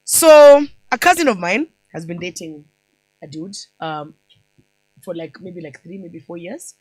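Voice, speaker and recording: Woman radio host, chatty and animated, dry studio mic. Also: lowish voice, a little slow, dry recording, rough recording. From Kenya. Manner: animated storyteller, mixing in Swahili and slang. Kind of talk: casual radio interview chat.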